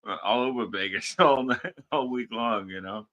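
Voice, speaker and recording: A man co-hosting a wrestling podcast, chatting in a relaxed, halting way with lots of fillers. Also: medium pitch, lo-fi sound. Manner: relaxed, halting, many fillers, laughs along. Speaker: podcast co-host. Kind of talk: casual wrestling chat.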